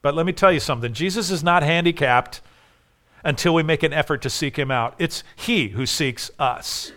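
A man preaching a sermon, emphatic, dropping soft and then rising loud. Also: fairly high pitch, moderate pace.

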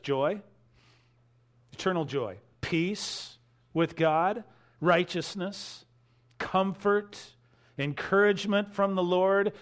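A man preaching an expository sermon, emphatic, repeating key phrases and swinging between loud stresses and quiet asides. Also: fairly high pitch. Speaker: pastor.

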